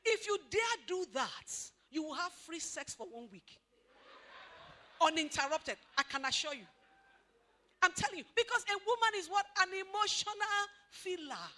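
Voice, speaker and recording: Woman, high voice, animated marriage seminar talk, quizzes the audience. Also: normal speed. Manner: animated, asks the audience questions, acts out spouses' lines. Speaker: speaker at a couples' marriage seminar. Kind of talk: lively motivational talk to an audience.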